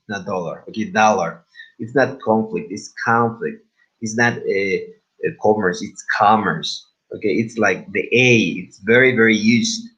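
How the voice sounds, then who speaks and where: A man with a Spanish accent, a native Spanish speaker, teaching English pronunciation to a class in a halting way, with many fillers and repeated words. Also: on the low side, fairly bright tone. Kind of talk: live class instruction. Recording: dull lo-fi recording.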